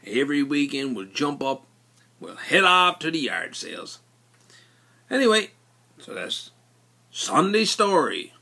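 A man spins a yarn in broad local dialect. His bright, slightly husky voice swings up and down as he tells it. The delivery stays lively and animated throughout. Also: medium pitch. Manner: animated, folksy dialect narration. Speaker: storyteller. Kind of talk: casual spoken storytelling.

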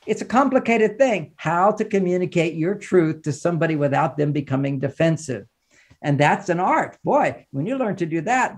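A man with a slightly high-pitched voice holds forth as a podcast guest, explaining relationships like a seasoned counselor. He talks emphatically and with a teacher's insistence, and he often laughs while he speaks. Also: a little mellow. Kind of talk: podcast conversation, advice and explaining.

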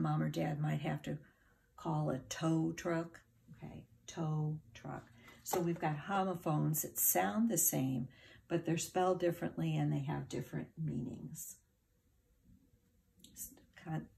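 A woman's voice: sits low, creaky, a little mellow, slight background noise. A woman teacher giving a patient, encouraging phonics lesson to children, spelling words out letter by letter.

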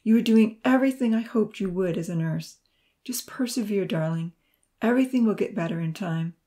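A woman reading the lines of a kind, fatherly male professor in a storybook, speaking gently and tenderly. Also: medium pitch, a little fast, voice pushed up, natural voice.

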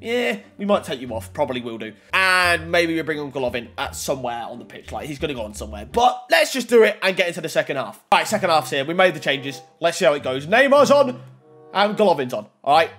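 A young man giving gameplay commentary on a football video game, excitable and talking straight to the game and his viewers. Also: fairly high pitch, quick pace, faint music behind. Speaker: gaming YouTuber.

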